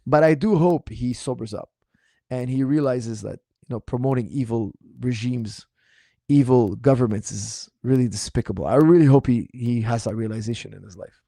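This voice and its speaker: Answering audience questions during a laid-back stream, this man, a martial arts coach, comes across as scoffing, disbelieving and lively, his voice somewhat strained and creaky. His pitch is middling and his speed normal, captured at studio quality without echo.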